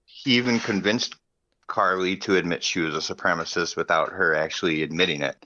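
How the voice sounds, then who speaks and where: A man with a low voice and a bright, forceful edge, chatting on a podcast and laughing through his retellings. The audio sounds a little muffled and lo-fi. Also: a little fast, slight background noise. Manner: laughs often, animated retelling. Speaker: podcast co-host. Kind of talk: casual chat.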